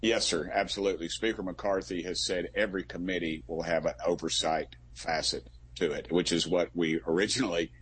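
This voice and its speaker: A middle-aged man, a congressman in a political interview, folksy and quick to get worked up. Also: sits low, fairly even intonation, fairly bright tone, a little hiss or hum. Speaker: congressman guest.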